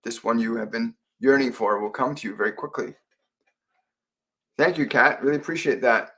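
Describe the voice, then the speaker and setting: A man from Canada hosting a live psychic Q&A stream, speaking gently with frequent fillers and repeated phrases as he relays messages. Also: medium pitch, normal speed. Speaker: psychic medium host.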